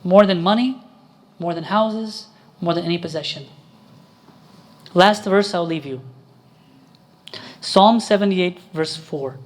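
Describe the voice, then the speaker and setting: A man's voice: high voice, slow pace, long pauses. A man preaching a sermon as a priest, quizzing his congregation and pressing his points with emphasis.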